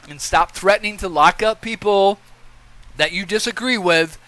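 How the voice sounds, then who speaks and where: Guy ranting his opinions, swears a lot, keeps saying okay, high crisp voice. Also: moderate pace, sharp tone, dry recording, low-quality recording. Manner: blunt, profane ranting; lecturing, repeats points with "okay?". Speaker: commentator. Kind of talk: opinion commentary.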